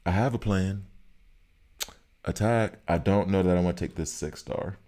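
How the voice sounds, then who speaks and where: Man, very low voice, casual game streamer, chatty, thinking aloud. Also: normal speed, mellow. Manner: chatty, talks to chat viewers, thinks aloud. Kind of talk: casual live-stream commentary while playing.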